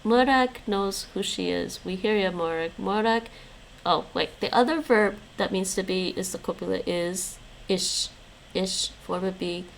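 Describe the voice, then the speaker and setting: A woman's voice: mid-range voice, measured pace, gravelly, slight background noise, poor audio. A woman streaming her language study, reading lesson notes aloud and chatting with her viewers, laughing often. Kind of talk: casual live-stream chat.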